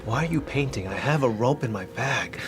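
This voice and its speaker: A man's voice: mid-range voice, lively intonation, a little fast. A man playing a tabletop game in character, speaking in a matter-of-fact way. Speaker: player.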